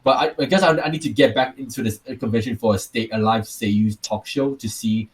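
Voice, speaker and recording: A man's voice: medium pitch, brisk. A man from Taiwan with a Taiwanese accent, co-hosting a casual podcast and telling rambling stories with repeated words and restarts. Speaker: podcast co-host.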